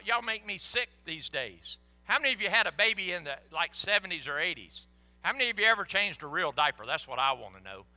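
An older man preaching a sermon in a church, animated and folksy, with sudden whoops. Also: high-pitched. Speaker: pastor. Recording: echoey hall.

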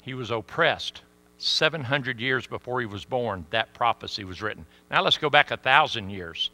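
A man preaching a sermon with sudden swings between loud emphasis and hushed asides. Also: medium pitch, animated, normal speed.

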